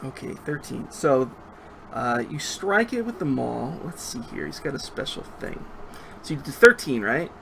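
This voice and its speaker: A man's voice: mid-range voice, sing-song, moderate pace, gravelly, noisy background. A man running a tabletop game as game master, narrating the action and thinking aloud over dice with easy chuckles.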